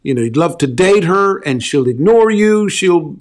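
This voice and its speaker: A man preaching in a relaxed, conversational way, repeating key phrases and asking rhetorical questions. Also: fairly high pitch, moderate pace. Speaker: pastor. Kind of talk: conversational sermon on love and relationships.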